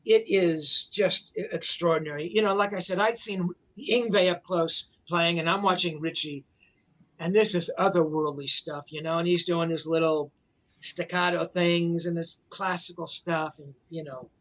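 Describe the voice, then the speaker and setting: Older man, high-pitched, rambling storyteller, lots of fillers, video call audio. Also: fairly even intonation, normal speed, fairly bright tone, a little hiss or hum. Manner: rambling, filler-heavy, says "you know, man" a lot. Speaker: guest, rock journalist. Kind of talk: casual anecdotal storytelling.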